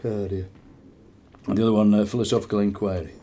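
A man's voice: fairly low pitch, flat delivery, fast, warm tone, slight background noise. A man in his sixties with a Yorkshire accent, a poet reading and chatting in a rambling, anecdotal way with chuckling asides. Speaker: poet and radio presenter. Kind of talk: poetry reading and chat.

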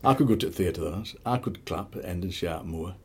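A middle-aged man with a Barnsley accent, a poet chatting in an interview and reading his poems, lively and fond of doing voices. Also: low-pitched, a little fast, breathy edge. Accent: Barnsley, South Yorkshire. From South Yorkshire, England. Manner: animated storyteller, slips into quoted voices. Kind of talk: conversational interview with poetry reading.

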